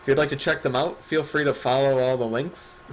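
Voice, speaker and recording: A man's voice: medium pitch, steady tone, brisk, slight background noise, rough recording. A man co-hosting a livestreamed awards show, chatting casually with sarcastic jokes and casual swearing. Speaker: stream co-host. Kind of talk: casual stream chat.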